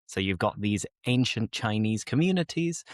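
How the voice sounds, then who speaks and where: A young man from England hosting a learners' podcast, talking in a fairly low voice. He explains local words with eager enthusiasm, stopping to define them. The sound is dry and close to the mic. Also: lively intonation, normal speed, dry recording. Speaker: English teacher and podcast host. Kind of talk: casual explanatory chat.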